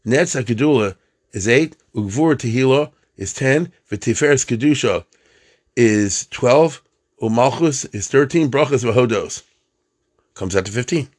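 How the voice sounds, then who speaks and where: A man's voice: mid-range voice, expressive, unhurried, darkish tone, slightly rough. A man teaching a conversational religious class, chatting, checking in with his listeners and counting items aloud.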